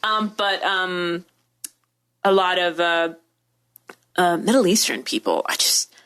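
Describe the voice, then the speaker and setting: A woman's voice: fairly low pitch, steady tone, takes it slowly, fairly bright tone, clean tone. A woman co-hosting a podcast in casual chat, rambling along with lots of "like" fillers. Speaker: podcast co-host.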